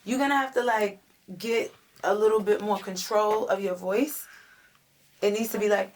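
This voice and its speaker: A woman's voice: mid-range voice, moderate pace. Woman coaching emphatically in a studio. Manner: directive, emphatic coaching with sung demonstrations. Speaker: mother coaching her son in a recording session. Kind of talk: casual reality vlog talk. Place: recording studio.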